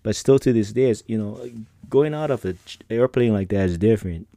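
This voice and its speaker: A middle-aged man chats casually on his podcast, his voice low and mellow. He rambles through personal stories, laughing often and dropping slang. The sound is close and dry, with no room around it. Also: expressive, a little fast, no echo. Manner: laid-back, rambling, frequent laughs and slang. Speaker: podcast host.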